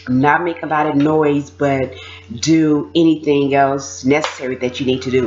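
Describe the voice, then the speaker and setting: Low-pitched woman, casual animated storyteller, dull lo-fi sound. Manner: animated, mimics voices, laughs while telling. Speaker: former prisoner sharing experiences.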